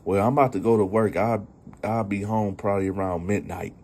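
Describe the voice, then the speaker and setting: A man's voice: on the low side, steady tone, fairly quick, slight background noise, pitched below the performer's own voice, close to an everyday voice. Man doing a caring, concerned mother. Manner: gentle, concerned. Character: caring mother heading to work.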